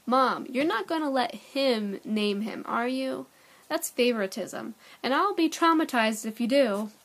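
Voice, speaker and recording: A woman's voice: on the high side, expressive, slow pace. A woman voicing a whiny, argumentative older boy in a read-aloud children's storybook. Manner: whiny, complaining.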